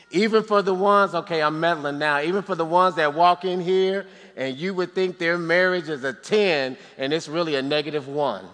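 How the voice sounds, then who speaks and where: High, bright-voiced animated preacher. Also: male voice. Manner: animated, humorous asides. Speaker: pastor. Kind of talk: sermon. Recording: long reverb in a large hall.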